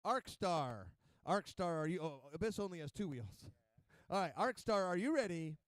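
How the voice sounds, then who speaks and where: A man's voice: high-pitched, animated, normal speed, dry recording. A man announcing robot combat matches, counting down and calling the hits live. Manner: counts down loudly, calls hits. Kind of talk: live arena commentary.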